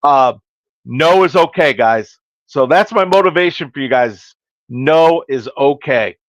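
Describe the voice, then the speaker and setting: A man's voice: fairly high pitch, expressive, a little slow, no echo. A man hosting a podcast and working as a hairstylist, telling stories in casual chat and acting out the dialogue in them. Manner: storytelling, acting out quoted dialogue.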